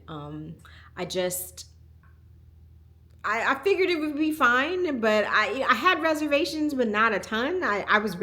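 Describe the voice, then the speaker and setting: A woman in her forties shares a personal story in a relaxed home vlog. She talks in a reflective, candid way and laughs easily. Her voice sits at an ordinary middle pitch for a woman. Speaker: communication coach.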